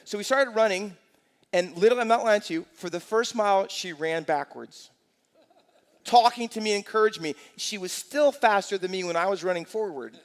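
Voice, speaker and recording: A man in his sixties, a pastor preaching a lively sermon in a church, telling stories and asking the congregation rhetorical questions. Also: sits high, normal speed. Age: 60s. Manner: energetic storytelling with rhetorical questions. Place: church sanctuary. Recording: long church hall reverb.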